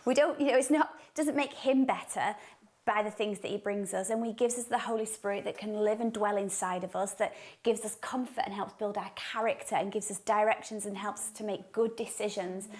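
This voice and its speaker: A woman's voice: medium pitch, fairly even intonation, a little fast. A woman, co-hosting a faith-based parenting show, speaking affirmingly about faith and raising children. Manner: affirming, gently preaching. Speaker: co-host.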